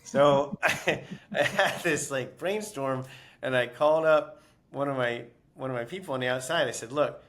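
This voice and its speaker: A man's voice: mid-range voice, normal speed, a bit bright, a little hiss or hum. A man being interviewed as an author, telling stories casually with many fillers and restarts.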